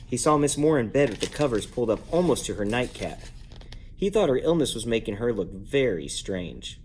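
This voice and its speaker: A man reading a children's book aloud at bedtime at home, lively and playful, jumping up in pitch to give each character a voice. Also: normal speed, slight background noise. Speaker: parent reading a bedtime story. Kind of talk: bedtime story read-aloud.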